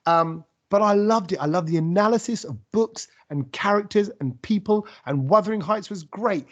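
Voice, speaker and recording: A man hosting a podcast, telling stories in a rambling, animated way with lots of restarts. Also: high voice, normal speed, highs cut off. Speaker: podcast host. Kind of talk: casual conversational interview.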